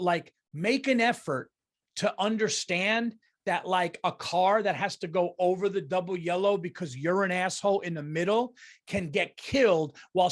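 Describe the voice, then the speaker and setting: A man hosting his own podcast, talking alone from his office in a heated, profane rant. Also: high voice. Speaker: podcast host and comedian.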